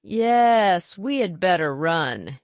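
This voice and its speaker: A woman's voice: fairly high pitch, very animated, a little slow, no room sound, clean studio sound, voice pushed up. A woman voicing a doubtful young male duck in a storybook, questioning and skeptical.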